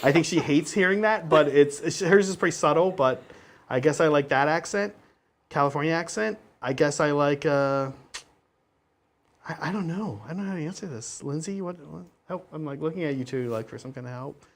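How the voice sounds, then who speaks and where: A man's voice: fairly high pitch, normal speed. A young adult man co-hosting a casual gaming stream. He talks in a rambling, hesitant, self-conscious way, full of restarts. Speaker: stream co-host and wargame player.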